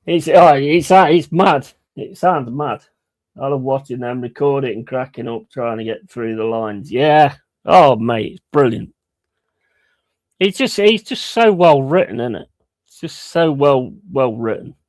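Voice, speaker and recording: A man's voice: mid-range voice, expressive, a little slow, no room sound. A man chatting casually on a live stream, rambling and swearing between chuckles.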